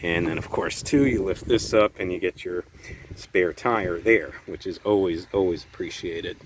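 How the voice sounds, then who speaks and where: A man giving a casual walkaround review of his own car, relaxed and enthusiastic, often doubling words. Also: sits low, moderate pace, noisy background. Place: outdoors beside a parked car.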